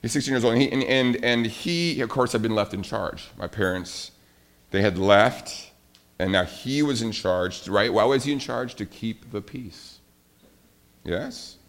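A middle-aged male pastor delivers a sermon in a slightly low voice. He tells a story with animated energy and speaks straight to the children in the room. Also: a little slow. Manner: animated storytelling, addresses kids directly.

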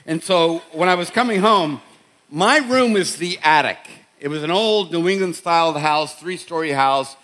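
A middle-aged pastor from Boston, USA, preaches a sermon with a Boston accent, telling it like a conversational story and frequently restarting his sentences. His voice sits on the high side, moves at a normal speed, and sounds a bit bright.

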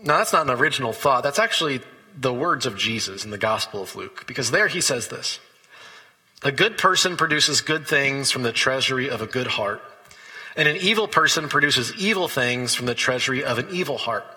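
A man's voice: medium pitch, animated, brisk, bright, forceful tone, breathy edge, in a large hall, rough recording. A man preaching a sermon as pastor, talking conversationally and telling stories between scripture readings.

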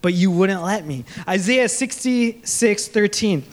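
A man's voice: high voice, expressive, unhurried. A young man preaching a sermon in an earnest, conversational way, often restarting his sentences and asking the audience questions. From Sri Lanka. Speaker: pastor.

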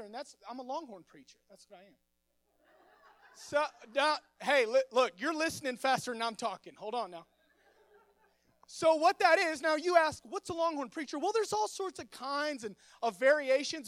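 A man's voice: very high voice, moderate pace, fairly bright tone, no echo. A young man, preaching as youth pastor in a church, friendly and joking, often stammering and repeating words. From Texas. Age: 20s. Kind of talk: sermon with casual storytelling. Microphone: stage microphone.

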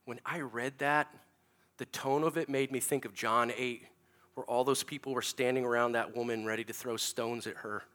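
A middle-aged man preaching a sermon, acting out stories with sound effects and then dropping to a quiet, earnest tone. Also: medium pitch, moderate pace. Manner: animated, acts out sounds and stories, drops to hushed tones. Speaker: pastor. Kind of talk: sermon with storytelling.

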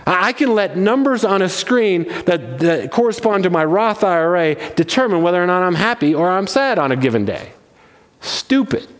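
A man with a slightly high voice delivers an earnest, emphatic sermon as pastor. He often restarts his phrases while pressing his points. His voice rings with the long reverb of a church hall.

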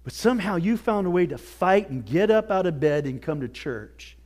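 A male pastor preaching a sermon with earnest exhortation, dropping to near whispers and rising to shouts. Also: high-pitched, lively intonation, moderate pace. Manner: swings from hushed to shouting.

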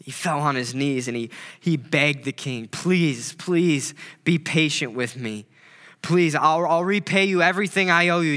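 A man's voice: on the high side, pushed and bright, in a large hall. A man preaching a sermon in a conversational way, retelling a parable with quoted voices. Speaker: pastor.

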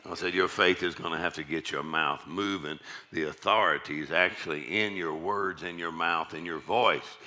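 A man with a deep voice preaching a sermon, repeating his key lines and calling out "amen" to the congregation. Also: normal speed, bright, forceful tone.

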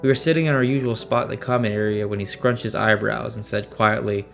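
A man narrating a first-person story in a steady, measured way. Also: lowish voice, gravelly. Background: faint music.

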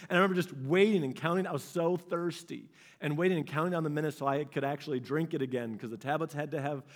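A man preaching a sermon with a fairly high, animated voice. He speaks to the congregation directly and tells a personal story, acting out what he felt at the time. He sounds like a young adult. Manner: storytelling, animated, acts out his own past reactions. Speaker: pastor.

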